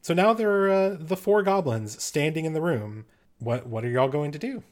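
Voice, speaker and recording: A man's voice: a little high, expressive, moderate pace, a little mellow. Man running a tabletop game. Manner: loose, improvised narration. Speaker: game master.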